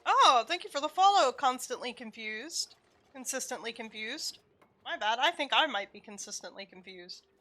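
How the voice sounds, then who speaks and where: Woman streamer, casual game commentary, slightly high and very bright, mutters to herself, swears often. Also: lively intonation, normal speed.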